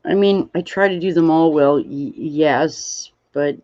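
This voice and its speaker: A yawning, worn-out woman crafts on a casual livestream, slowly rambling, greeting viewers, and reading chat messages aloud. Her voice is low-pitched and warm, and the stream sound is dull and lo-fi.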